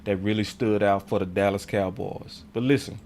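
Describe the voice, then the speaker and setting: A man's voice: fairly low pitch, steady tone, moderate pace, darkish tone. A man hosting a casual sports fan livestream, talking in slang and often getting heated and ranting. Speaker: sports channel host.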